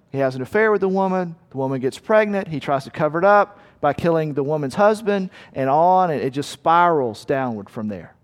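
A man's voice: on the high side, in a large hall. A man preaching a sermon in a conversational way, asking his listeners rhetorical questions. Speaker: pastor.

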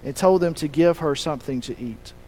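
High-voiced man preaching a conversational sermon. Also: fairly quick, dark tone, poor audio. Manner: conversational, asks rhetorical questions; restarts and self-corrects mid-sentence.

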